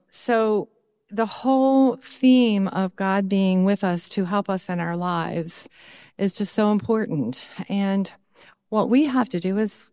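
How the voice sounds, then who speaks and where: A woman pastor giving a children's sermon in church, expressive and lifting her pitch when she voices her own prayers. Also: smooth, in a large hall.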